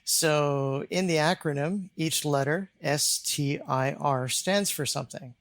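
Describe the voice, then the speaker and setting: A man speaks as a pronunciation coach in a podcast conversation. He explains his methods in a measured, step-by-step way. The recording is close and dry. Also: a little high, fairly bright tone, dry recording.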